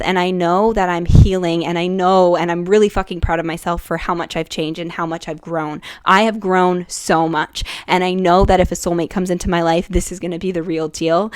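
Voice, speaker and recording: A young woman talking to her viewers in a casual, excited and emotional way, laughing and gasping often. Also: lowish voice, clean tone, no room sound, studio quality. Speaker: vlogger. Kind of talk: casual chat to camera.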